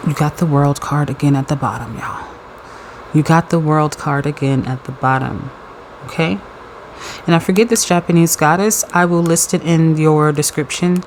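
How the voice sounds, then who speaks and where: A woman giving a casual pick-a-card tarot reading, excitable and playful, with slang and free swearing. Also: low voice, moderate pace, a little hiss or hum, rough recording.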